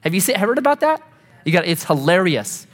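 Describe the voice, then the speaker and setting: A middle-aged man preaching a joking, animated sermon to a congregation. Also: high voice, fairly quick. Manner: animated, joking, acts out quoted voices. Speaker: pastor. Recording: reverberant hall.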